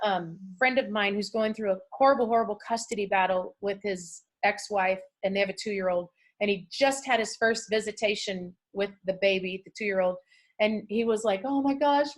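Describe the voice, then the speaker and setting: A woman's voice: medium pitch, fairly even intonation, fairly quick. Middle-aged woman, motivational speaker, chatty and anecdotal, mid-range voice. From California. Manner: chatty, storytelling, acts out quotes. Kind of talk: motivational talk to a group.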